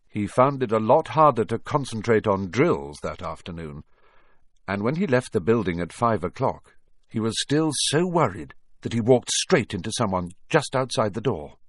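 Expressive, husky male storyteller. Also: lowish voice, no room sound. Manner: expressive, shifting voice to follow the story. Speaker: narrator. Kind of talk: storybook reading.

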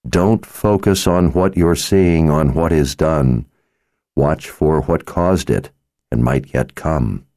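A man's voice: a bass voice, slow, dark tone, no room sound, studio quality. A man voicing stern ghostly sword spirits. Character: chorus of past sword wielders, stern warning voices.

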